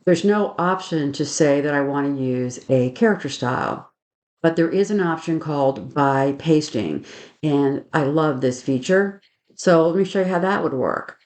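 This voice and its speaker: Woman walking through a software demo. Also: low voice, lively intonation, unhurried. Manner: methodical, explains each click aloud; opinionated asides on good practice. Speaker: software trainer. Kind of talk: screen-share webinar demonstration.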